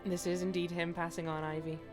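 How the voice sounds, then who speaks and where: A woman with a lowish voice chats playfully while she streams a game, joking and laughing often. Faint game music plays beneath her talk. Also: little pitch movement, brisk. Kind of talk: casual gameplay commentary.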